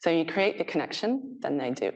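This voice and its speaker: Lively, slightly low-voiced woman presenting. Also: a little fast, dull audio. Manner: chatty and animated, laughing often, acting out quotes. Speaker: PhD researcher presenting her work. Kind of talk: conference presentation. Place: presentation room with a live audience.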